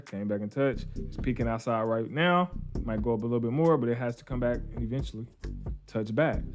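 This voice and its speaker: A man walks through charts in a loose, chatty screen-share tutorial. He repeats himself and drops slangy asides, his voice sitting at a middle pitch. Faint music plays behind him. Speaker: trading educator.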